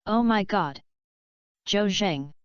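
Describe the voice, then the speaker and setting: A woman's voice: medium pitch, lively intonation, slow, clean tone, no echo. Shy young heroine, read by a woman. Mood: plain. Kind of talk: scripted audiobook reading. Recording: dull lo-fi dry recording.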